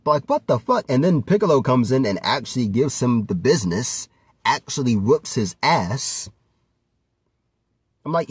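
Husky, animated man vlogging casually. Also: medium pitch, normal speed, dry recording, clean studio sound. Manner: animated, laughs often, swears freely. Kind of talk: rambling casual commentary.

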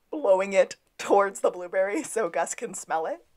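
A woman's voice: mid-range voice, lively intonation, takes it slowly, darkish tone. A woman co-hosting a podcast, retelling an episode in casual chat and acting out the characters' lines. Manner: storytelling, acts out quotes. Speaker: podcast co-host.

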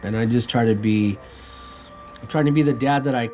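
A man's voice: medium pitch, fairly quick, darkish tone, soft background music. A man in his fifties giving a documentary interview, plain-spoken and emotional.

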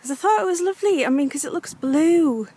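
Her voice sits high yet has a dark tone, and she's expressive and brisk. A young vlogger from North East England, she chats to camera in a frustrated, filler-laden way while walking her dog along the coast.

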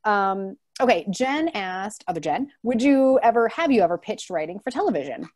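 A woman's voice: medium pitch, sing-song, a little mellow. A woman bookstore host running a casual Q&A on a video call and reading out audience questions. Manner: quick, upbeat, reads audience questions. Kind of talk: casual moderated Q&A.

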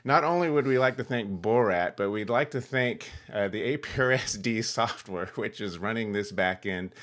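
A man's voice: lowish voice, normal speed, a bit bright. A man hosting a ham radio channel, explaining a radio demo in a rambling, chuckling way with lots of fillers. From California. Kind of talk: casual demo vlog.

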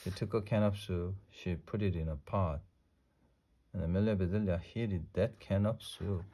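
A man reading a children's storybook aloud slowly and deliberately, with small slips. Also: low-pitched, fairly even intonation, mellow. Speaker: storybook reader. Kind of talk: read-aloud storybook narration.

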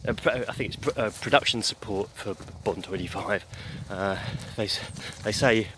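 A man hosting a daily podcast, giving a casual news update while walking uphill, out of breath and halting with many fillers and restarts. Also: lowish voice, fairly bright tone. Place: outdoors on a hill. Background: clear outdoor noise.

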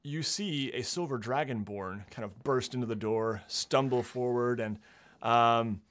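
Guy running a tabletop game, lots of ums, halting narration. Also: medium pitch, a bit bright. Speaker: game master.

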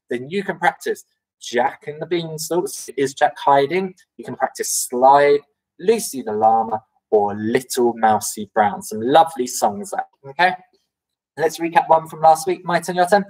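Low-voiced woman teaching singing. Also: expressive, moderate pace, darkish tone, low-quality recording. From England. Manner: sings short call-and-response songs, then explains them in chatty asides. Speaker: primary school music teacher. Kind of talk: singing lesson for young children. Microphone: recorded at home for a video lesson.

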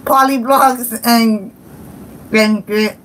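Giggly slow-talking woman. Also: a little high, fairly even intonation, fairly bright tone, a little hiss or hum, low-quality recording. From Hawaii. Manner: giggly, scattered, playful. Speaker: livestream host. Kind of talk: casual livestream chat.

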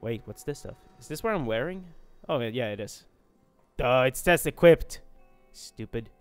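A man's voice: mid-range voice, expressive, measured pace, smooth, faint music behind. A man giving casual, joking, profane commentary while playing a fantasy role-playing game. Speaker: gaming video host. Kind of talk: casual let's-play commentary.

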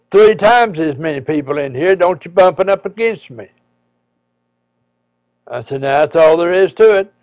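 A man, a preacher, telling a personal story in a folksy, halting way with frequent pauses and restarts. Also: on the high side, creaky, no echo.

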